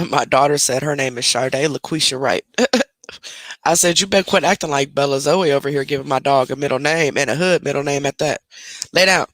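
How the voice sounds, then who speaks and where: A middle-aged woman hosts a casual live stream from home, chatting with her viewers and breaking off to scold her dog. She talks fairly quickly in a low-sitting voice, close to a desk microphone indoors, in a dry recording.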